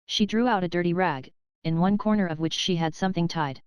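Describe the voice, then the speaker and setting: A woman reading a classic novel aloud as an audiobook narrator, in a steady, measured way. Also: lowish voice, smooth, dry recording, lo-fi sound. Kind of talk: scripted narration.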